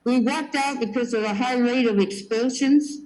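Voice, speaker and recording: Woman, 70s, from California; animated oral-history storyteller. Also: a little high, moderate pace, poor audio. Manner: lively storyteller who acts out quoted voices. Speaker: interviewee.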